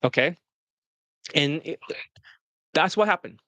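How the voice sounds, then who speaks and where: A man with a somewhat high voice tells crude dating stories in a blunt, rambling way. He swears often and restarts his sentences. The sound is dry and close, with no room echo. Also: expressive, slow, pushed and bright. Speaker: dating coach. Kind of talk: casual storytelling to an interviewer.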